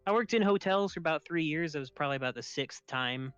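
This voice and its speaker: A young man hosting a podcast, telling a long story in casual, animated chat, laughing and swearing freely. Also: on the high side, fast, smooth, dry recording, soft background music. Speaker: podcast host. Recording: dull lo-fi dry sound.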